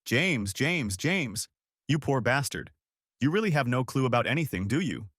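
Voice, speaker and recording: A man's voice: medium pitch, very animated, normal speed, a bit bright, dry recording, studio quality, voice pushed up. A man voicing a bitter, vengeful former friend who speaks in a sneering, spiteful way.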